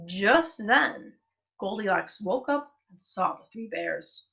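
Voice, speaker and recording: A woman reading a story aloud at a reading event, in an expressive, sing-song delivery. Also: medium pitch, moderate pace, creaky. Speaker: reader. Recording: muffled live-stream audio.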